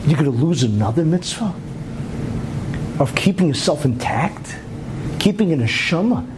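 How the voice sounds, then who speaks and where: Animated male rabbi telling a story. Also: fairly high pitch, normal speed, noisy background. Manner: animated storyteller, asides and rhetorical questions. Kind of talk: Torah lecture storytelling.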